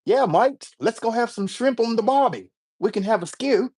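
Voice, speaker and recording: A chirpy, overdone Australian bloke, put on by an American man. The voice sits high and bouncy, hammy and playful, with the accent laid on thick. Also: animated, normal speed, a little mellow, breathy edge, full character voice. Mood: jokey cheerful. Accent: mock Australian, done by an American. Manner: hammy, jokey, raised pitch.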